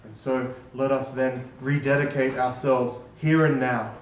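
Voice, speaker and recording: A priest delivers a measured, earnest sermon in an average-pitched male voice. He is recorded from a distance in a church, and the sound rings with the room's echo. A faint hum sits underneath. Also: little pitch movement. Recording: roomy church echo from far off.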